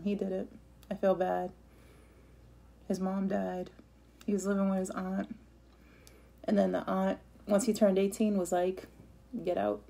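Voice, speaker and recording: Chatty mellow-voiced woman vlogger. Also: medium pitch, gravelly. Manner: chatty, rambling, emotional. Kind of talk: casual eating-show chat.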